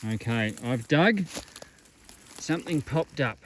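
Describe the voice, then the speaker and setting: An Australian man excitedly showing off metal detecting finds at an old rubbish dump, in a casual outdoor vlog full of slang. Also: mid-range voice, takes it slowly, very noisy.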